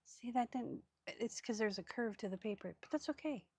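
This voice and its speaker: A woman's voice: a little high, lively intonation, normal speed, a little mellow, husky. A woman hosting a casual crafting video, chatty and self-mocking, often dropping to a murmur as she works. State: hiccups. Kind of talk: casual craft tutorial chat. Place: craft table indoors.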